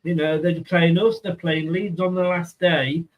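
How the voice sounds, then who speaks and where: A man's voice: a little high, fairly even intonation, a little slow, low-quality recording. A man with an Australian accent hosting a casual fan chat, rambling and easygoing. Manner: rambling, easygoing, many fillers. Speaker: host.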